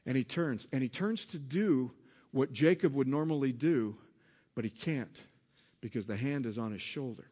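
A man preaching a sermon, asking the congregation questions and swinging between hushed, low passages and loud, emphatic ones. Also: normal speed, husky. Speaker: pastor.

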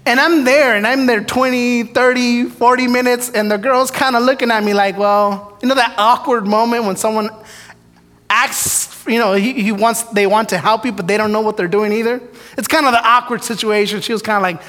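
A man's voice: sits high, normal speed, fairly bright tone. A man preaching a storytelling sermon, who acts out his prayers and the dialogue in his stories. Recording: long hall reverb.

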